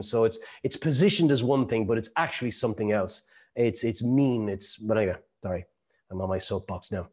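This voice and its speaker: A man's voice: mid-range voice, fairly quick, a little mellow. A middle-aged man teaching a sales class, telling chatty stories and acting out quotes. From Ireland. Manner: chatty storytelling with laughs and acted-out quotes. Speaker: sales trainer. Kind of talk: lecture to a live group.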